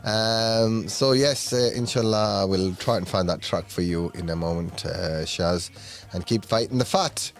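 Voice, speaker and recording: A man's voice: on the low side, a little slow, soft background music. A man with an English accent hosting a community radio drive-time show, reading listener messages with easygoing, teasing banter.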